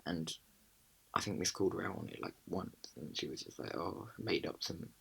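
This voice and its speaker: A young male podcast co-host with a very deep, gravelly voice and a husky edge. He talks in a rambling, slangy way. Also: a little fast, a bit bright. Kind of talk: casual chat.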